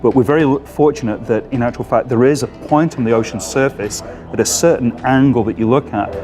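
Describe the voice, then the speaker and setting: A man's voice: medium pitch, fairly quick, music in the background. A man scientist giving methodical, lecture-like explanations in an interview. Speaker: mission scientist.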